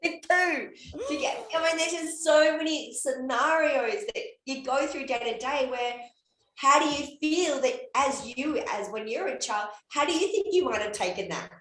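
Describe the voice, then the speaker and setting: A woman's voice: high-pitched, moderate pace. A woman in her fifties co-hosting a casual podcast, talking animatedly, swearing now and then and acting out little scenes. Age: 50s. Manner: animated, swearing, acts out child and mother voices. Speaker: podcast co-host and coach. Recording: echoey room.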